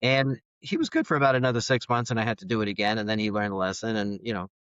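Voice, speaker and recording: A middle-aged man, a guest on a podcast, telling his personal story in an animated way and acting out the dialogue. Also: on the low side, quick pace, clear, resonant tone, dry recording. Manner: animated, acts out quoted dialogue. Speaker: podcast guest, foster parent. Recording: dull, dry studio sound.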